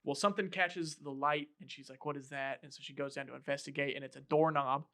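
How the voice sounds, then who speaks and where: Animated man retelling a movie, fairly high voice. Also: fast. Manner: animated storytelling, acting out quotes. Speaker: podcast host. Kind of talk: casual chat.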